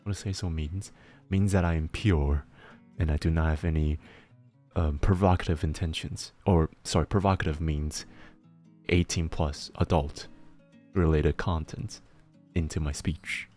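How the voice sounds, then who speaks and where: Casual chatting streamer, very deep male voice, rambly and laughing, faint music behind. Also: fairly even intonation, unhurried, darkish tone. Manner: rambling, laughs often, restarts words. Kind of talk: casual chat while working.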